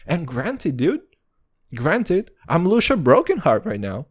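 A man's voice: slow, husky. A young man hosting a casual solo podcast, swearing a lot and dropping "dude" into every sentence, boastful and rambling. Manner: crude, swaggering slang, lots of "dude"; jumps between low mutters and high excited bursts. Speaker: podcast host.

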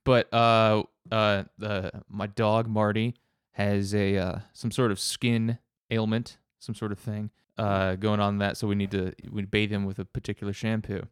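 A man co-hosting a podcast in casual chat, rambling with halting restarts and wry jokes. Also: on the low side, flat delivery, clean tone, dry recording, clean studio sound.

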